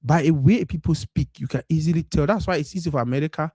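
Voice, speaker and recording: This Cameroonian man, with a Cameroonian Pidgin English accent, hosts a live stream with a warm, slightly high voice at a quick pace. The recording is dry and studio quality, and his casual monologue switches between Pidgin and English as he performs the voices he quotes.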